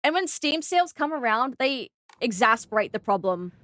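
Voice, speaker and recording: Bubbly high-voiced Australian woman streamer. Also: normal speed, no room sound. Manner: bubbly, excitable, gasps and squeals when greeting viewers. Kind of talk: live gaming stream chat.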